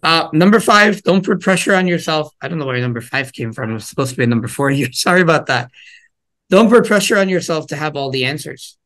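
A man leads a relaxed parenting workshop in a plain conversational way. His voice sits a little high for a man. Now and then he slips into quick acted lines for a parent or a child. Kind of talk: casual talk to parents.

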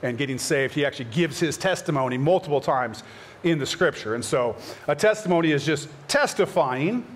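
Pastor, male, conversational Q&A answers, earnest, sits a bit high in pitch. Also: expressive, a little fast, slight background noise. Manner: earnest, conversational, acts out short prayers in a higher voice. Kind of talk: church Q&A session.

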